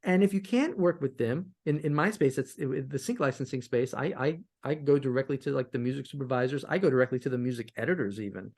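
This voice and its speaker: A man guest on a podcast interview, telling stories from his music career in an animated way and often repeating words as he restarts. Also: medium pitch, fast, hardly any pauses. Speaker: guest, sync licensing musician. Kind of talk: conversational interview answers.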